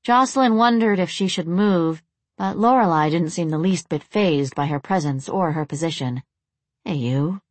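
A woman narrating an audiobook in a steady, even storytelling voice. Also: lowish voice, normal speed, dry recording.

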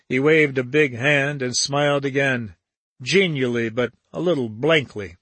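A man reading a novel aloud as an audiobook narrator, steady and even. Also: mid-range voice, no echo.

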